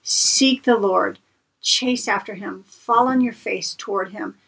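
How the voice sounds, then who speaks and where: A woman's voice: medium pitch, takes it slowly, creaky, a bit bright, slightly rough, far from the mic, rough recording. A woman co-hosts a devotional podcast and talks in an earnest, preacherly way, leaning on repeated phrases for emphasis. Her voice sits a little back from the mic. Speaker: podcast co-host. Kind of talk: encouraging devotional talk.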